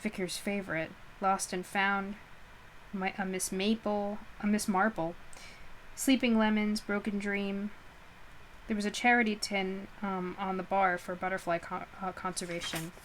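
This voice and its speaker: A woman reads a novel aloud in an informal, unpolished way, tripping over words and fixing them as she goes. Her voice sits at an ordinary middle pitch, and she drops into chatty asides to the listener. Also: little pitch movement, moderate pace, fairly bright tone, slight background noise, low-quality recording. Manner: stumbles and corrects herself, chatty asides. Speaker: audiobook reader. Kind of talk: casual read-aloud narration.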